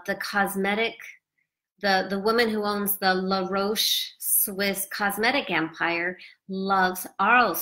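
A woman chats in a loose, rambling travel vlog and often stops to hunt for words. She sounds worn out and sleepy, and her voice has a bright, forward edge. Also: mid-range voice. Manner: chatty, rambling, with many fillers. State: tired and sleepy. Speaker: travel vlogger.

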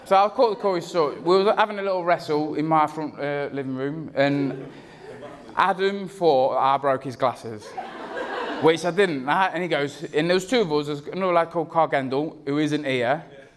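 At a wedding reception, a young man with a fairly high voice gives a rambling speech about his friend at a moderate pace. He jokes and teases, often interrupting himself.

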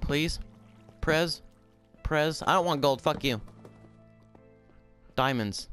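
A man giving casual gameplay commentary, swearing and shouting in frustration, then talking softly to his in-game pet. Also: medium pitch, lively intonation, takes it slowly, long pauses, faint music behind.

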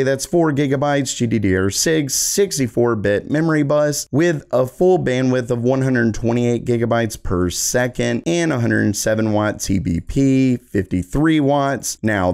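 Raspy man reading tech news. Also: medium pitch, darkish tone. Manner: brisk and chatty, reading specs aloud. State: recovering from being sick. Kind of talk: casual tech news commentary.

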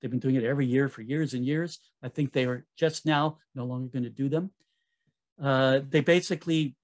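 A man giving a conference talk in a relaxed, conversational way, with fillers and self-corrections. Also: mid-range voice. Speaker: conference speaker.

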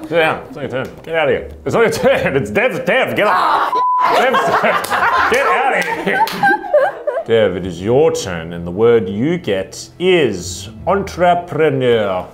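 Australian woman, quizmaster, low-pitched, lively, bossy and teasing. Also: measured pace, over loud music. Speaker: quizmaster host. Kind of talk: comedic game hosting.

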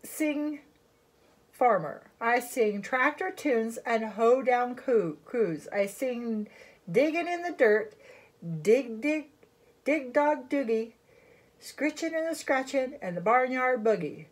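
A woman's voice: on the high side, expressive, takes it slowly. A woman singing a children's storybook aloud in a sing-song way. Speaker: storybook reader. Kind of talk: sung children's storybook reading.

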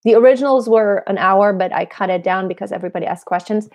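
A woman's voice: medium pitch, quick pace, a little mellow. A young adult woman, a singing teacher, explaining vocal technique in a live-stream lesson and answering viewers' questions, asking herself questions as she goes. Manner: explanatory, asks herself rhetorical questions, demonstrates voice placements. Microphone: computer mic on a live stream.

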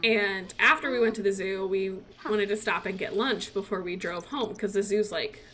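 A young woman in her twenties, a gaming streamer and mother, chats casually while she plays, rambling about her son and laughing often. Her voice is mid-range and a bit bright, at a moderate pace.

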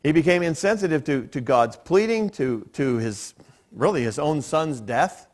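A man's voice: fairly high pitch, expressive, moderate pace. A male pastor preaching a sermon in a church, explaining steadily with occasional dry self-deprecating humor. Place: church sanctuary.

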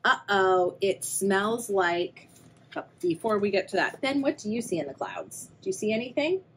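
A young woman reads a picture book to children with a very lively, swooping delivery, pausing to quiz her listeners. Her pitch sits in a middle range for a woman, and a faint room hiss runs behind her. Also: rough recording. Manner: animated, questioning the young listeners. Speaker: children's librarian reading a story. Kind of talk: read-aloud storytime for kids.

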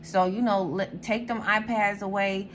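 A young woman hosting her own channel in casual, animated chat, swearing freely and jumping to sudden high squeals. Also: measured pace, slight background noise. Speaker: tarot reader and channel host.

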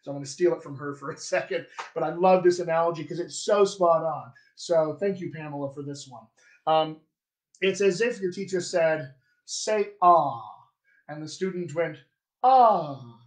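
A man's voice: a little high, moderate pace, darkish tone. A man teaching as a dialect coach in a live-streamed lesson, playful and chatty. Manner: playful, chatty, laughs at himself. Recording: echoey room.

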